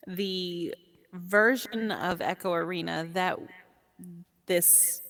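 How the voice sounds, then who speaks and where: A woman speaking as an interview guest in casual chat, warm and animated and quick to laugh. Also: on the low side. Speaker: guest, VR sport caster. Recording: long echoey reverb.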